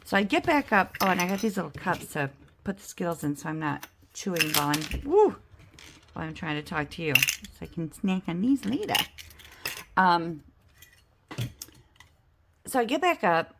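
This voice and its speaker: A woman vlogging at home, telling a self-mocking story in a chatty, animated way while playing a game. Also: on the low side, normal speed, vocal fry, pauses often, background noise. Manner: chatty, self-mocking, animated storyteller who acts out the other people's lines. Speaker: budget and game-night vlogger.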